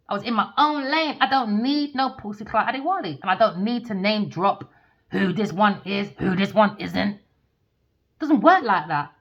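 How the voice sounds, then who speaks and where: Blunt woman ranting, muffled audio. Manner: blunt, swears freely, swings between low mutters and loud excited bursts. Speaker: podcast host. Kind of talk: casual storytelling rant. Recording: muffled lo-fi recording.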